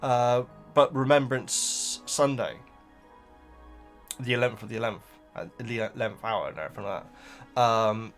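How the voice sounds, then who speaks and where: A man's voice: mid-range voice, moderate pace, long pauses, fairly bright tone, soft background music. Rambling man chatting to viewers. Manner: rambling, stammering repeats, frequent asides. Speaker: book reaction host. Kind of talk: casual chat to viewers.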